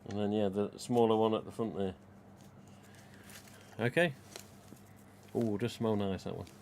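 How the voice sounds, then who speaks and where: Chatty low-voiced man, live stream. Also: fairly even intonation, a little slow, a little mellow, slight background noise. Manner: chatty, rambling, reads viewer comments aloud. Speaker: live stream host, mask collector. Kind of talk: casual live stream chat.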